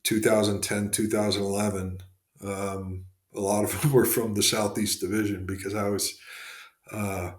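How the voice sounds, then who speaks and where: A man speaks as a podcast guest, his voice sitting on the low side. He tells long stories in a loose, rambling way, full of fillers and restarts. The room around him has a noticeable echo. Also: level tone, normal speed. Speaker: guest, former hockey executive and scout. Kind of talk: casual podcast interview storytelling.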